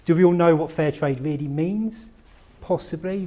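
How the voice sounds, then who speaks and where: A conference speaker with a slightly high, mellow voice talks at a normal speed, keeping his presentation conversational. He asks the audience questions and pokes fun at himself, all in a conference room.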